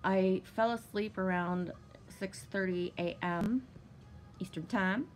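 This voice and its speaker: There's slight background noise as this woman, a vlogger with a mid-range voice, slowly recounts a long story in a casual way. She wanders along with plenty of fillers, curses a lot, and keeps getting giddily excited.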